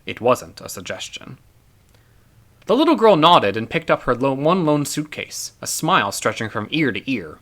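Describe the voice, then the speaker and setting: A man reading his own novel aloud in an expressive first-person narration. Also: mid-range voice, normal speed. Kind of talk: audiobook narration.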